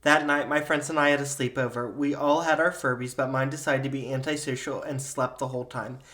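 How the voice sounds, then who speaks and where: Man, podcast host, reading a spooky story, steady narration, mid-range voice. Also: medium pitch, a little fast.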